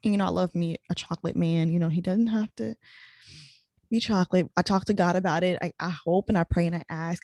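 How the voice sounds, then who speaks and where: Fast-talking young woman podcast host. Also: mid-range voice, steady tone, vocal fry, warm tone, no echo. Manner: rapid, chatty, full of "like" fillers. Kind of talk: casual chat.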